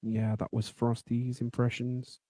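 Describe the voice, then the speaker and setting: Chatty comic musician, rambling anecdotes, mid-pitched, dry close mic. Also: male voice, monotone, a little slow, mellow, dry recording. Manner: playful, rambling, laughs often. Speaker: musician guest. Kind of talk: comic chat with impressions. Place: basement venue.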